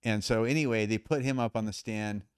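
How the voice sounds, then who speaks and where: Low, smooth-voiced man telling his story. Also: brisk, no room sound, clean studio sound. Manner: emphatic, animated retelling with quoted dialogue. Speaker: podcast guest. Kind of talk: storytelling in conversation.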